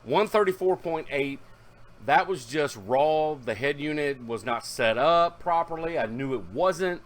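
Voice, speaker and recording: Talking casually in his car audio hobby video, this vlogger rambles along, using fillers and correcting himself. He sounds animated, on the high side, and a little slow.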